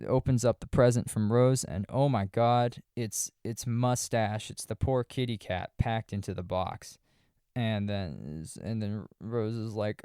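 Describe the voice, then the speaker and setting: A man's voice: fairly low pitch, darkish tone, smooth, no room sound, studio quality. A man hosting a podcast, casually reviewing a horror movie in a wry, sarcastic, rambling way. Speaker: podcast host.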